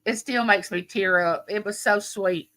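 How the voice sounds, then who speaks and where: A livestream host in her late 50s talks with viewers from home in an unhurried, medium-pitched voice. The chat is casual and warm, full of rambling stories.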